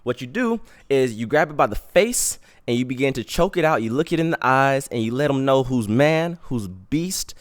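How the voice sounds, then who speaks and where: A man voicing a laid-back, unbothered male guide who explains things calmly and matter-of-factly. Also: mid-range voice, moderate pace, hardly any pauses, lightly acted. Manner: calm, matter-of-fact explaining.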